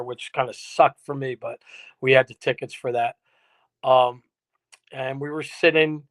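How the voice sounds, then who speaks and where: A man, a musician guest telling a rambling, laughing anecdote with some salty language. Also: medium pitch. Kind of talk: casual interview storytelling. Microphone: remote live-stream guest.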